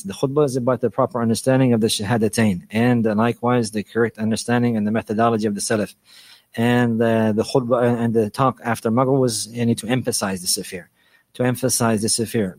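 Male Islamic lecturer, brisk delivery, repetitive emphatic phrasing, dry close sound. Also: on the low side, a little mellow, no room sound. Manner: repeats phrases for emphasis, mixes in Arabic phrases. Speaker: Islamic preacher and teacher. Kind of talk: religious lecture.

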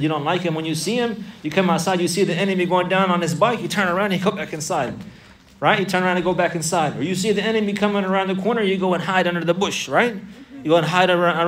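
Man, religious teacher, lively questioning of kids, fairly high voice, mic set back. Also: far from the mic, a little hiss or hum. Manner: asks and repeats questions, animated, builds lists. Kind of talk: Islamic lesson for kids with questions.

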